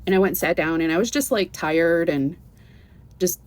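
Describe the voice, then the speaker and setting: A woman's voice: low voice, brisk. A woman telling her own travel story in a casual, earnest way, with many restarts and asides. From United States. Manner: earnest and animated, with many restarts and "you know"s.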